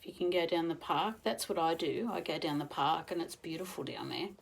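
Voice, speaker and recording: A woman doing an oracle card reading in a gentle, reflective, encouraging manner. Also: low voice, fairly quick, vocal fry, husky, rough recording. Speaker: spiritual card reader.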